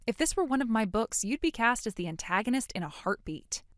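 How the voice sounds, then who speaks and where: Voicing a defiant grown daughter in a dramatic tale, the actress sounds like a blunt, sarcastic young woman breaking away from her mother. Her pitch is fairly high and her tone fairly bright, with animated delivery at a fairly quick clip. The sound is dry and studio-clean.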